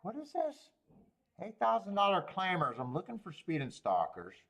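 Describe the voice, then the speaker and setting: A man hosting a horse racing betting livestream, chatting casually in an animated way, swearing, laughing and rambling with restarts. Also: high voice, moderate pace, gravelly.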